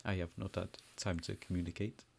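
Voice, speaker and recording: A man playing a weary adventurer in a vague put-on foreign accent, answering in halting, broken phrases. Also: low voice, flat delivery, vocal fry, a little mellow, a little hiss or hum.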